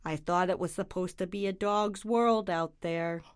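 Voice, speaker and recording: A woman's voice: on the low side, steady tone, unhurried, smooth, voice pushed down, natural voice. A woman voicing a fed-up, neglected dog in a comic ad, whining and complaining. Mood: grumbling. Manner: whiny, complaining. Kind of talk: comic ad voice-over.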